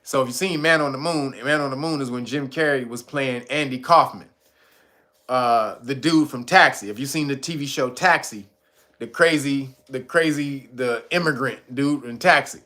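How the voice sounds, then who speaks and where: A man's voice: mid-range voice, normal speed, sharp tone. A man, hosting a casual stream, retelling a stand-up bit with laughs and put-on voices. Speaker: streamer host. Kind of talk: casual storytelling.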